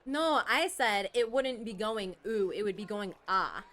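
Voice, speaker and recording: A woman's voice: medium pitch, lively intonation, unhurried, fairly bright tone. A woman co-hosting a stream, reading chat messages aloud and chatting casually. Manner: reads chat aloud, laughs often. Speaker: streamer co-host.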